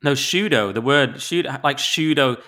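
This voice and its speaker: A man with a Northern English accent talks in his middle register, ranting about listener reviews. He is exasperated and sweary, and his voice leaps up in sudden loud spikes. He is getting over the flu, yet he keeps the casual back-and-forth of a podcast chat. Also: mid-range voice, moderate pace. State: recovering from flu. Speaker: podcast co-host.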